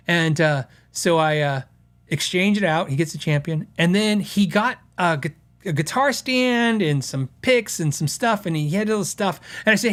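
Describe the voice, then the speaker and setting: A man's voice: high-pitched, normal speed, fairly bright tone. A middle-aged man hosting a podcast, telling long stories in a rambling way and acting out the people in them. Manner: rambling with restarts, acts out quoted customers. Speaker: podcast host. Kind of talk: casual storytelling.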